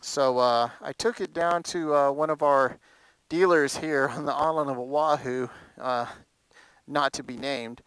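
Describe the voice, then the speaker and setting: A man's voice: medium pitch, steady tone, a little slow, a bit bright, clear, resonant tone, no room sound, poor audio. A man vlogging casually about his motorcycle, rambling with lots of fillers and telling his story with animation. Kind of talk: casual chat.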